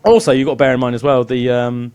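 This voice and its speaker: A young Englishman co-hosting a podcast in casual, animated chat, often slipping into put-on voices. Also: medium pitch, quick pace, clear, resonant tone. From England. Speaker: podcast co-host.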